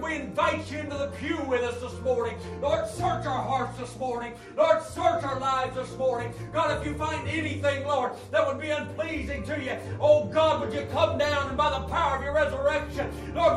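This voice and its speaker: A man preaching and leading a fervent prayer in a church, repeating invocations and building to shouts. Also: very high-pitched. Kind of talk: sermon prayer. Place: church sanctuary. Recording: echoey church from far off with music. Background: guitar music.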